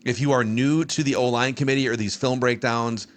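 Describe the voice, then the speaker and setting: A man hosting a football podcast, setting up topics in a brisk, conversational way. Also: mid-range voice, fairly even intonation. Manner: brisk, conversational host patter. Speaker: podcast host. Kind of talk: casual sports talk.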